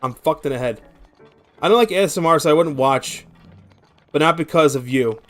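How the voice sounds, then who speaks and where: A young man with a gravelly voice, streaming a game from home and chatting in a rambling, profane way. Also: fairly high pitch, moderate pace, faint music behind. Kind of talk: casual gameplay chat.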